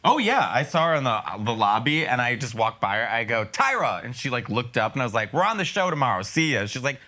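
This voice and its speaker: A man, a comedian guest, telling animated stories in a casual studio chat and mimicking the people in them. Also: mid-range voice, fast. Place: podcast studio.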